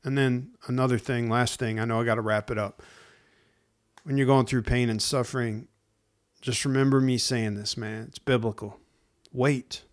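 A man preaching in a casual, conversational sermon, speaking plainly to listeners and slipping into slang and hushed acted-out asides. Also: medium pitch, fairly even intonation, moderate pace. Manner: acts out inner voices in hushed asides. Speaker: pastor.

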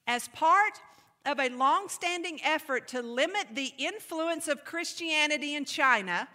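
A woman with a high-pitched voice preaches a sermon in an animated, emphatic style, slipping into playful mock voices to drive her points home. The sound has a big-room quality.

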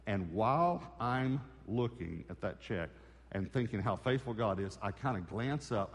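A male preacher telling a testimony in the middle of a sermon, acting out both sides of each exchange. His voice sits on the low side. The sound rings with the long reverb of a church hall. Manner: storytelling, acts out dialogue with God.

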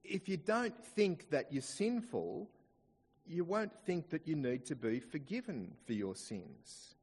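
An Australian man preaching a sermon in church, slowing down to dwell on quoted scripture. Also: on the high side, slightly rough, in a large hall. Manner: expressive preaching, slows down to stress quoted scripture. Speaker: pastor.

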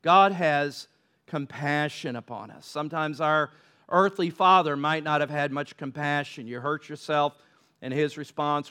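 Smooth-voiced man preaching. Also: on the high side, unhurried, bright, forceful tone. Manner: conversational preacher, builds to impassioned pleas. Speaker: pastor. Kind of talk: sermon.

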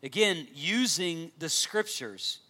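A man preaching with a high, bright, forceful voice. He delivers an earnest sermon, reading scripture aloud and explaining it. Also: expressive, takes it slowly. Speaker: pastor.

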